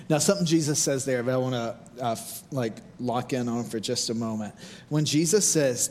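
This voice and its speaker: A man's voice: mid-range voice, fairly quick, long reverb tail, a little hiss or hum. A man giving a sermon as pastor in a church, talking casually and animatedly with many fillers. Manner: informal, animated, lots of "like".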